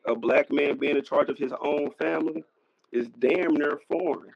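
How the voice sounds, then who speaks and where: A man's voice: a little high, normal speed, creaky, breathy edge, no echo. A man in his thirties talking bluntly in casual slang during a podcast debate, often repeating himself for emphasis. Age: 30s. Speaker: podcast co-host. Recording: lo-fi dry recording.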